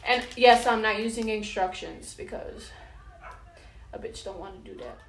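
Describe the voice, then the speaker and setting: A woman's voice: medium pitch, normal speed. A young woman, chatting casually while building something, blunt and swearing, a bit out of breath. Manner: blunt and chatty, swears freely, mutters to herself. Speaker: vlogger. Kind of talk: casual vlog, talking to camera while assembling. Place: room at home. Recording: echoey room, mic at a distance.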